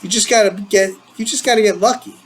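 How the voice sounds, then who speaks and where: A man voicing a boastful, defensive teenage boy, in a low, muttered manner. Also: fairly even intonation, quick pace, slight background noise, natural voice, low-quality recording.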